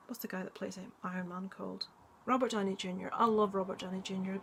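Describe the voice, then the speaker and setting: A woman's voice: a little high, a bit bright, a little hiss or hum. A woman movie vlogger in casual chat, talking in a rambling way with many ums and asides.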